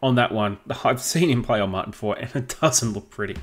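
An Australian man co-hosting a casual podcast, easygoing and quick to laugh while reading listener questions. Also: medium pitch, expressive. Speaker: podcast co-host.

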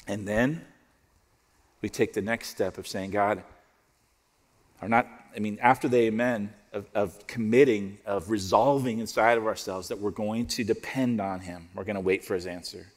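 A man preaching a sermon as pastor, conversational and joking, dropping to soft prayerful tones. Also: fairly low pitch, steady tone, moderate pace, big-room sound. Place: church auditorium.

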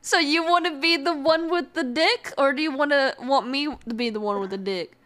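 A woman streamer chatting live, crude and playful, quick to fake outrage. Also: high voice, a bit bright.

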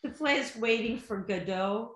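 A woman from Vermont co-hosting a podcast, talking loudly and with animation. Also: a little high, moderate pace. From Vermont, USA. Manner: loud, projecting, animated. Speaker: podcast co-host. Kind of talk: casual chat. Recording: roomy echo.

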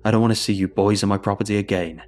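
A man voicing a bad-tempered, hostile father who snaps and yells threats. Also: lowish voice, big pitch swings, brisk, soft background music. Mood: angry, threatening. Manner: snapping, yelling, menacing.

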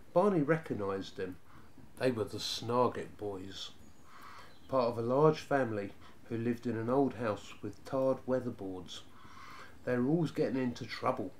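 A man narrating a children's storybook in a steady, even reading voice. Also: medium pitch, slight background noise.

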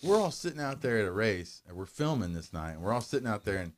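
A man's voice: lowish voice, big pitch swings, quick pace, noisy background. A man co-hosting a casual show, telling a story with lots of swearing and laughter. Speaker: podcast co-host. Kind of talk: rowdy casual chat.

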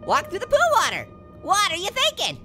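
A man's voice: extremely high pitch, huge pitch swings, fairly quick, heavily acted. A man voicing a wisecracking male talking orange as a cartoon character, chattering and punning between giggles while commenting on a game. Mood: goofy. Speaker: gaming channel host. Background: loud game music.

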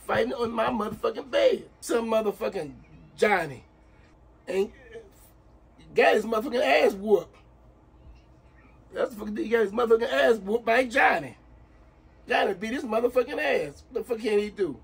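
Gravelly high-voiced uncle ranting. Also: male voice, animated, moderate pace, pauses often. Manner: exasperated, swears constantly, repeats himself. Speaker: uncle being pranked. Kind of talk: profane ranting at a prank.

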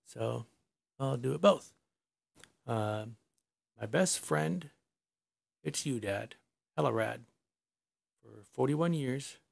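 A man in his forties with a raspy voice, reciting a rhymed spoken-word tribute in a playful, half-rapped, sometimes sing-song way. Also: mid-range voice. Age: 40s. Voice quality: raspy, gravelly. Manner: rhythmic, playful, now and then sing-song.

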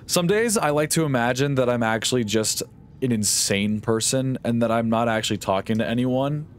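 A man's voice: mid-range voice, lively intonation, normal speed. Young guy streamer rambling to chat, sarcastic and jokey, faint background noise. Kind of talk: casual live-stream chat while gaming.

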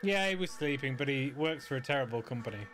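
A man's voice: mid-range voice, animated, quick pace, fairly bright tone, soft background music. A man giving casual, wry commentary while playing a video game, muttering dry asides to himself. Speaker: let's play gamer.

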